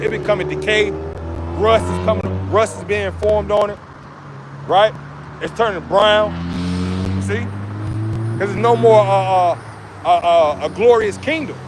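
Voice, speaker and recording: A man preaching to a street audience in slang, with constant asides like "man" and "you see". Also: sits high. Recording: outdoor street noise.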